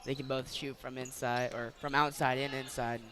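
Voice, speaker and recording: A man giving relaxed color commentary at a high school basketball game, agreeing with his partner and adding short exclamations. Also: moderate pace. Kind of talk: casual game analysis. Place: high school gym, courtside. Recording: noisy gym broadcast feed.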